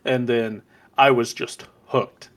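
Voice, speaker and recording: A man's voice: medium pitch, level tone, slow pace. A man co-hosting a podcast, telling a story in a casual rambling way with asides and fillers. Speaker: podcast co-host. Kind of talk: casual chat.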